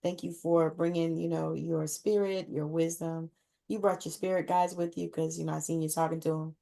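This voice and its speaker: A woman's voice: low voice, level tone, moderate pace, vocal fry, dark tone. A woman hosting a podcast, effusive and laughing often, repeating words for emphasis. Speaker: podcast host. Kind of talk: casual interview wrap-up.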